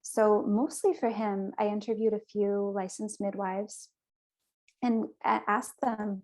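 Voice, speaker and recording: A woman's voice: mid-range voice, steady tone, slow pace, darkish tone. A young woman guest on a podcast, telling her personal story in an earnest, chatty way. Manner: earnest, chatty, with small restarts.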